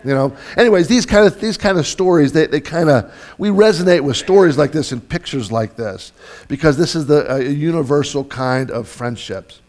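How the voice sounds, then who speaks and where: A man's voice: on the high side, animated, moderate pace, a little mellow. A man giving a sermon as a pastor in a church, telling stories in a loose, conversational way with many restarts. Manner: storytelling, conversational, with frequent fillers and restarts.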